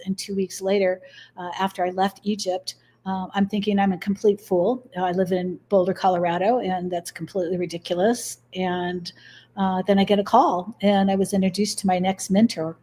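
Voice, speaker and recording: A woman's voice: mid-range voice, steady tone, fairly quick, darkish tone. A middle-aged woman speaks as an interview guest. She tells personal stories earnestly, acting out the dialogue as she goes. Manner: earnest, acts out quoted dialogue. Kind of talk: interview storytelling.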